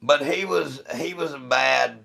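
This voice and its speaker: A man's voice: medium pitch, unhurried, gravelly, sharp tone, slight background noise. A man hosting a livestream, telling a long story to his chat in a rambling, profane way. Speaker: livestream host. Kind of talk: casual storytelling to live chat.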